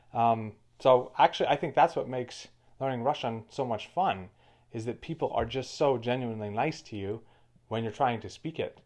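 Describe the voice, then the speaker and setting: A man co-hosting a casual chat, giving his views in a steady, explanatory way. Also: medium pitch, brisk. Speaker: co-host.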